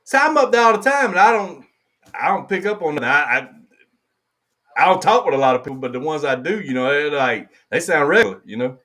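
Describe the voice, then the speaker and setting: A man's voice: fairly high pitch, expressive, a little fast, sharp tone. A man with a Southern US accent hosting a live stream, chatting casually, laughing often and repeating his phrases. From American South. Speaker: host.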